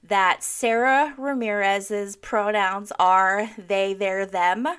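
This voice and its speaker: A young adult woman co-hosting a podcast, telling a story in a casual, profane, animated way and acting out the dialogue. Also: medium pitch, slow pace, clear, resonant tone. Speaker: podcast co-host. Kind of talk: casual chat.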